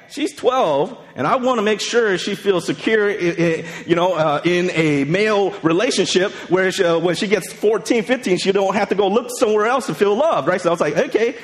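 A man's voice: high voice, in a large hall. A man in his forties preaching a casual, conversational sermon, telling stories and checking in with frequent asides. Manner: chatty, storytelling, frequent "right?" asides. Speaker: pastor.

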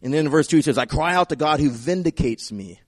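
A man preaching a sermon in an animated way, repeating phrases for emphasis and acting out the voices he quotes. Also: a little high, fast, no echo, studio quality. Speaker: pastor.

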